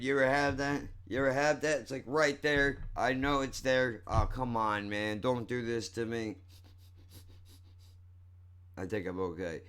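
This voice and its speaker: A man's voice: mid-range voice, fairly bright tone, clear, resonant tone. A young man doing an unscripted, profane and self-mocking comedic rant into a close desk microphone at home. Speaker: comedian vlogger. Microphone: close desk mic.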